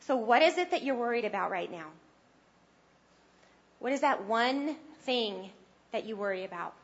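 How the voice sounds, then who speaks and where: Earnest high-voiced woman preaching. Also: muffled recording. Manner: earnest and conversational, rising with emphasis. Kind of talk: sermon.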